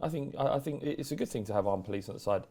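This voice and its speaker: A man co-hosting a podcast, chatting casually about football, animated and sweary, swinging between loud outbursts and low asides. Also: rapid-fire, vocal fry, husky. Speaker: podcast co-host.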